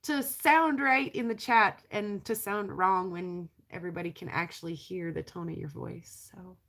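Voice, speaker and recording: A woman's voice: lowish voice, normal speed, a bit bright. A woman from the North American prairie, chatting casually and rambling to her viewers as a rockhounding vlogger, laughing often.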